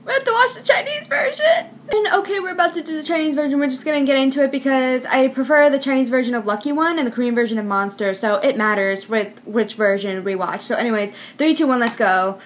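A young woman hosting a reaction video, excitable, shrieking and laughing as she comments. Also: high-pitched, quick pace, hardly any pauses, a little hiss or hum.

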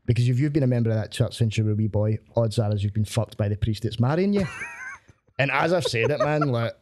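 A man's voice: mid-range voice, quick pace, noisy background. A Scottish man, a stand-up comedian, telling gig stories in casual podcast chat, laughing often and swearing freely. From Glasgow, Scotland.

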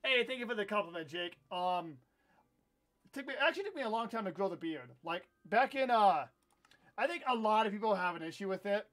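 A young American man in his twenties live-streaming a game, chatting casually with viewers in a rambling, self-correcting way with excitable bursts. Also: sits high, fairly quick. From United States. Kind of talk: casual live-stream chat while gaming.

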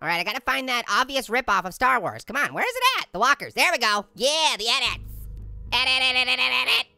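Punny cackling orange dude, high and bright, faint game music. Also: male voice, expressive, fast talker, gravelly, clear, resonant tone, dry recording, heavily acted. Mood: playful. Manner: cackling, pun-making, jokey. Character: wisecracking male talking orange, goofy, punny. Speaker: let's play host. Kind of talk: let's play commentary.

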